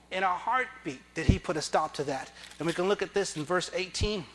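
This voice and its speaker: A man's voice: sits high, fairly quick, a little hiss or hum. A man preaching a sermon in church, impassioned and emphatic, acting out the words of biblical figures. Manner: impassioned, rising to loud emphatic peaks; acts out biblical figures in dramatic dialogue.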